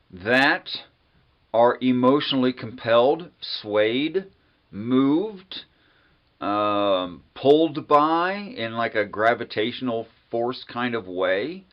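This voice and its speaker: A man hosting a solo livestream on religion, talking casually and unhurriedly with many pauses and fillers, sometimes wry. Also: mid-range voice, expressive, dull audio. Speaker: livestream host.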